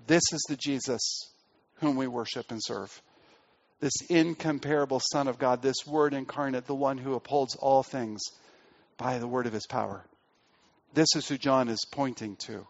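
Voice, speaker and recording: A man preaching a sermon as pastor, pressing hard on key words and then dropping his voice low and quiet. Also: normal speed, lo-fi sound.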